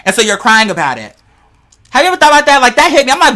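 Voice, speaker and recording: A podcast host with a voice that sits high races through a casual, rambling chat about wild theories. The talk is slangy, profane and animated, spoken directly to listeners.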